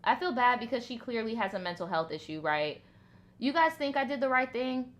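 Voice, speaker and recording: A woman hosting a storytime channel, reading and reacting in casual, animated, profane commentary. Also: a little high, fairly quick.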